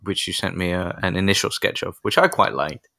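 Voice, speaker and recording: Dry-humoured deep-voiced man. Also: a little fast, gravelly, pushed and bright, no echo. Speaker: podcast co-host. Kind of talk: casual podcast chat.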